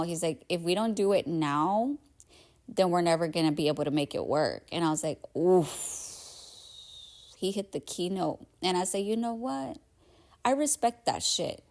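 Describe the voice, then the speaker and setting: A young woman hosting a podcast, telling a dating story in a casual, animated way, full of fillers and acted-out dialogue. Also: fairly low pitch. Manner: chatty, animated, filler-heavy, acts out quoted dialogue. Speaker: podcast host.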